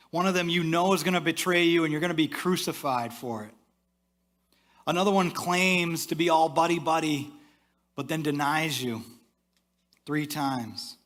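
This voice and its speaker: In church, a male pastor talks with his congregation conversationally through his sermon, his voice going low and soft for the occasional aside.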